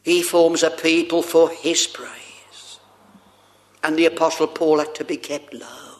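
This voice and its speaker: A man's voice: a little high, steady tone, measured pace. A man preaching a sermon, addressing the congregation with rhetorical questions and old-fashioned scripture wording.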